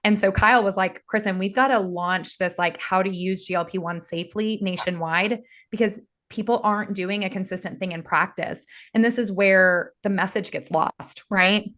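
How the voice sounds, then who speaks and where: A woman with a hoarse, worn voice answers questions on a video call. She talks eagerly in quick bursts. She sounds like an experienced health professional. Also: mid-range voice, fairly even intonation, fairly bright tone. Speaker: functional medicine practice founder, guest.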